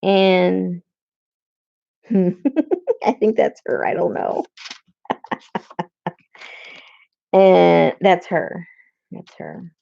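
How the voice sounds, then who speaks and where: On lo-fi sound, a woman with a lowish, creaky voice draws out her words and pauses often. She's hosting a casual crafting video from her craft room, standing and muttering rambling remarks to herself while she searches her supplies.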